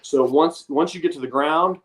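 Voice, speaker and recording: A man's voice: a little high, normal speed. A man in his thirties, a guest in a casual sports chat, explaining technique in a frank, self-deprecating way. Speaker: guest, former punter.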